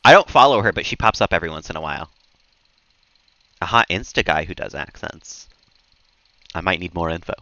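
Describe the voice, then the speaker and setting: Deep, lively man chatting on stream. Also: a little fast, pauses often, no echo, lo-fi sound. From United States. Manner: chatty, laughs often, reads out chat messages. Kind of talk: casual chat with viewers while gaming.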